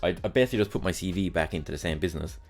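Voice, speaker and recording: Young male podcast host, deep voice, rambling and profane, exasperated storyteller. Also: very fast, darkish tone, faint music behind. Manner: exasperated ranting about past jobs. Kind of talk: casual solo monologue.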